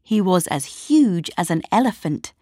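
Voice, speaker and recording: A woman narrating a story slowly and clearly for language learners. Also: fairly low pitch, dry recording, studio quality. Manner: clear, expressive, measured.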